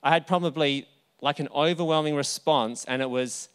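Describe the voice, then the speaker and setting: A male pastor with an Australian accent tells a personal story in a conversational sermon, full of asides, restarts and self-corrections. His voice sits on the high side, clear and resonant, at a moderate pace.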